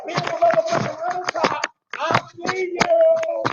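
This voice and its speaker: A man ranting and shouting profanity at passersby outside a store, in a played clip. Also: extremely high pitch, level tone, a little slow. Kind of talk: shouting confrontation in public. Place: outdoors by a store. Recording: dull roomy clip, noisy street.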